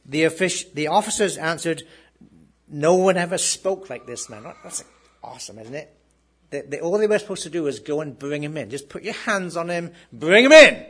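With a fairly high, slightly rough voice, a man preaching a sermon reads scripture aloud and then talks it over. He shifts between loud reading and soft asides, repeating words along the way.

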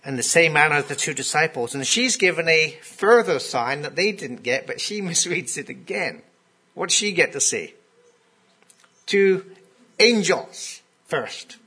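Male preacher, sermon, conversational, asks questions, husky tone. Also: fairly high pitch, bright, forceful tone.

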